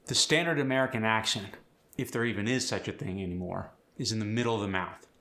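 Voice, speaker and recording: A man's voice: fairly low pitch, fast talker, bright, forceful tone. A man hosting a pronunciation tutorial, explaining sounds casually and demonstrating words. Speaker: accent coach and host.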